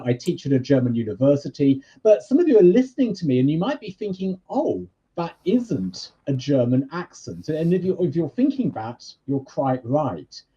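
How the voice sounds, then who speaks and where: A man's voice: on the high side, dark tone, breathy edge, lo-fi sound. British man lecturing over a video call. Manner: conversational, explanatory. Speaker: university lecturer. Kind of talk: live-streamed lecture.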